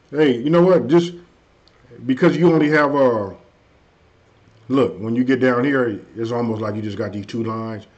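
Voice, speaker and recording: A man hosting a casual live stream, chatting loosely with viewers and saying his energy is low tonight. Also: a little mellow. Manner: loose and conversational, frequent "hey" and "you know what I mean". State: a bit under the weather, low energy. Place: at home. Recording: dull lo-fi stream audio.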